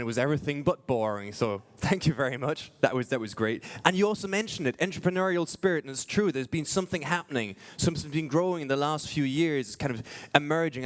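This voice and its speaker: A man hosting a conference on stage, chatty and playful, acting out quick little exchanges. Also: mid-range voice, no echo. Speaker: conference host. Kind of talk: stage emcee patter.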